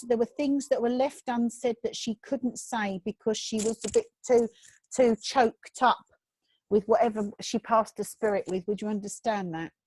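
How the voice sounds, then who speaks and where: A woman's voice: a little high, a little mellow, a little hiss or hum, rough recording. A woman giving a mediumship demonstration over a video call, chatty and reassuring as she relays messages. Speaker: spiritualist medium.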